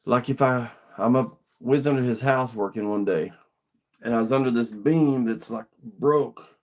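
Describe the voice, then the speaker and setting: A man's voice: mid-range voice, normal speed. A middle-aged man, telling a personal story to camera in an earnest, rambling, plainspoken way. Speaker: vlogger.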